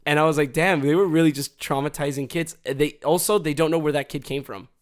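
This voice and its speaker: Podcast co-host, male, higher voice, loose rambling storyteller. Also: fairly even intonation, brisk. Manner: rambling storyteller, laughs often. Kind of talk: casual chat.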